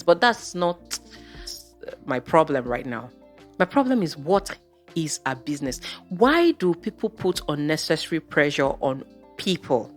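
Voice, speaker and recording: Low-voiced woman vlogger. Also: very animated, a little slow, soft background music. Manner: chatty, exasperated, rhetorical questions. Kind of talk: casual storytelling monologue.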